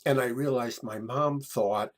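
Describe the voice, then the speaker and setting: A man telling a personal story from his childhood over photos, in a halting way full of restarts and repeated words. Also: medium pitch.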